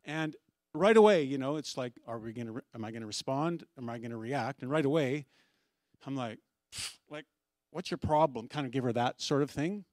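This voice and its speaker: Middle-aged male pastor, mid-range voice, relaxed storytelling sermon with light humor, dry recording. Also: medium pitch, fairly quick, dry recording. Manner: conversational storytelling with gentle humor.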